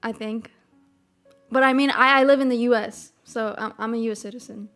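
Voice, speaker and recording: A woman's voice: a little high, fairly even intonation, brisk, a bit bright, faint music behind. A young woman streaming and chatting casually with viewers, bubbly and rambling, often giggling. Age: young adult. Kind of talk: casual chat.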